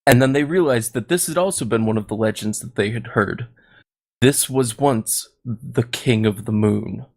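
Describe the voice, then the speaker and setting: A man narrating a comedic tabletop story as game master, halting and laughing at his own jokes. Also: mid-range voice, creaky.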